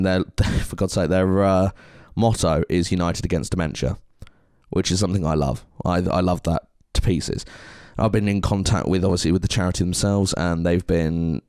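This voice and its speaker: A low-voiced English man co-hosting a casual podcast. He talks earnestly and rambles, restarting his sentences. The sound is dry and close to the mic. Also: darkish tone, no echo. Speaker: podcast co-host.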